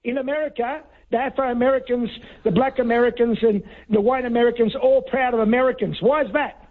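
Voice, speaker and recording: A man's voice: very high voice, steady tone, fairly quick. An Australian man calling in to talk radio, insistent and talking over the host. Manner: insistent, talks over the host, repeats himself. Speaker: caller. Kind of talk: heated talkback call. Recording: tinny phone line.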